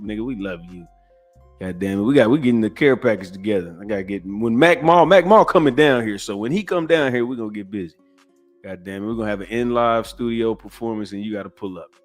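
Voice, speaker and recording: A man hosting a podcast, giving profane, preachy reaction commentary. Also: fairly low pitch. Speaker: podcast host.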